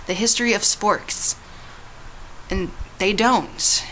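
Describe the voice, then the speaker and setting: A woman's voice: a little high, expressive, unhurried, fairly bright tone, slight background noise, low-quality recording. A woman vlogging casually, telling a mock history tale in a playful, teasing way with big dramatic swoops.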